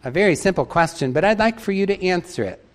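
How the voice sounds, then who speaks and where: A man's voice: high voice, expressive, quick pace. Emphatic man preaching a sermon. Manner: emphatic, repeats key phrases for stress. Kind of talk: sermon with a read-out story.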